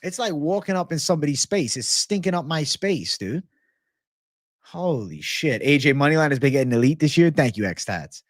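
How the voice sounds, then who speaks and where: A man's voice: on the high side, expressive, moderate pace, no room sound. Livestream host, male, swears constantly, rants, dry booth-like sound. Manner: profane, ranting, reads viewer comments. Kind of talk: casual livestream Q&A.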